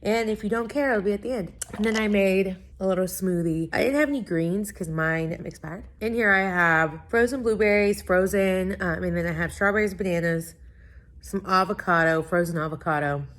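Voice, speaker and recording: Young woman, book vlogger; bright, gushing, filler-heavy casual chat. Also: medium pitch, moderate pace. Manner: chatty, gushing, lots of fillers.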